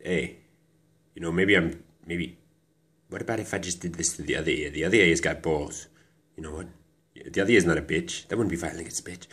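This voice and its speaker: A man doing an absurd comedy monologue, talking in a hushed, coaxing, halting way that often drops to a whisper. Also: deep voice.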